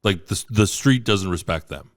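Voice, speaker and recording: Male co-host, relaxed ribbing banter, lowish voice, dry booth sound. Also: dry recording. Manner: easygoing, teasing, quick to agree. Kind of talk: casual sports talk.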